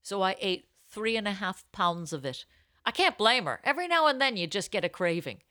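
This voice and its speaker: A woman's voice: medium pitch, very animated, a little fast, bright, forceful tone. A woman in her fifties co-hosting a casual chat, joking and reading old advice letters aloud with playful drama. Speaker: podcast co-host.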